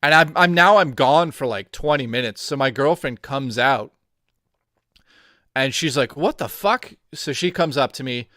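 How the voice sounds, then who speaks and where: A man's voice: mid-range voice, unhurried, no room sound. Dry-sounding guy telling stories. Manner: animated storyteller, swears a lot. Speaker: podcast co-host. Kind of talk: casual chat.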